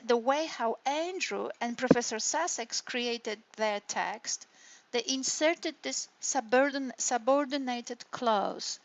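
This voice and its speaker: A woman lecturer explaining step by step, often checking in with her listeners with "right?" and "hey?". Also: a little high. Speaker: university lecturer. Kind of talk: recorded online lecture on intonation. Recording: dull lo-fi lecture recording.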